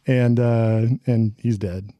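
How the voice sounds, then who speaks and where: A man co-hosting a podcast, telling stories in an animated, casual way. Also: mid-range voice, slow, no room sound, muffled recording. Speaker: podcast co-host. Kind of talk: casual chat.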